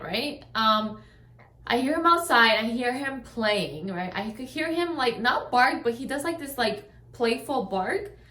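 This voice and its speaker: A woman's voice: fairly high pitch, bright, forceful tone. A woman vlogger telling a rambling story at home in a casual, chatty way, often checking in with her listeners. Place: at home in a trailer. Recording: roomy echo.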